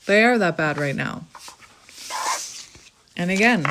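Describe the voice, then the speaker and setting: Tarot reader, female, lowish voice, earnest and reassuring, talks straight to camera. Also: expressive, slow pace, creaky, very noisy. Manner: earnest, emotional, reassuring, reads passages aloud. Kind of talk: tarot reading addressed to the viewer.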